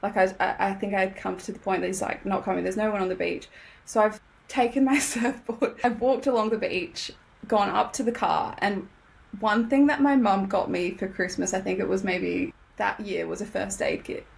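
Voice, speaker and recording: In casual podcast chat, a young Australian guest tells an anecdote with lively laughter, voicing the people involved. She speaks at an ordinary pace in a mid-range voice with vocal fry.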